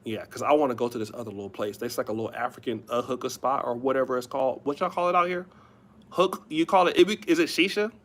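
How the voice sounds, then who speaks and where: A man's voice: medium pitch, fast talker, fairly bright tone, natural voice. A man mimicking a bossy nagging girlfriend. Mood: demanding. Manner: nagging, sweet and rude at once. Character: bossy demanding young woman, girlfriend.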